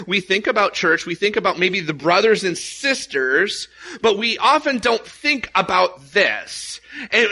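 A man in his thirties preaching to a congregation in a bright, slightly high voice. He talks loosely and conversationally, full of restarts and "like" and "um," and slips into stories. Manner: casual, storytelling, many restarts and fillers. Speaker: pastor. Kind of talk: sermon.

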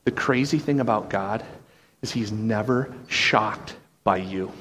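A man preaching a sermon, animated, acting out quoted voices with sudden jumps in pitch. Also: a little slow, a little hiss or hum. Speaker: pastor.

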